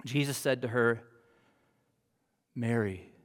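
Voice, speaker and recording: A man preaching a sermon as pastor, in an earnest, slow style with emphatic pauses. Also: high voice, lively intonation. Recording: long hall reverb.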